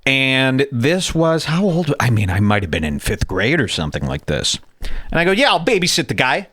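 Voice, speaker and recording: Speaking at normal speed with a medium-pitched voice and no echo, this man hosts a podcast. His casual storytelling is lively, full of jokes and profanity.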